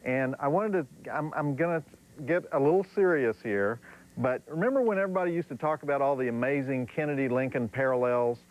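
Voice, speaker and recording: A man's voice: mid-range voice, a little fast, poor audio. A middle-aged man hosting a horror movie night, making sardonic, drawling cracks with chuckling asides. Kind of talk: wisecracking TV movie host.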